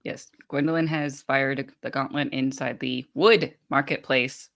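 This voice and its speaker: A podcast host walks through book chapters in a loose, rambling recap. The delivery is hesitant and full of fillers, at an ordinary middle pitch. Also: steady tone, a little slow, creaky, fairly bright tone.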